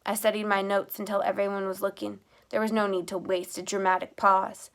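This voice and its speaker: A woman reading an audiobook aloud, telling the story in a lively way and switching quickly between characters. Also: mid-range voice. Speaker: audiobook narrator. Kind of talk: scripted narration.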